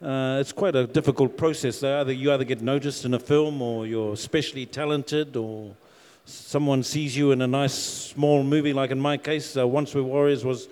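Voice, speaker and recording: A man from New Zealand, an actor, telling easygoing stories on a panel with many pauses and fillers. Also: medium pitch. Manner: relaxed storyteller, self-deprecating, lots of uh and um. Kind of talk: panel Q&A answers. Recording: long hall reverb.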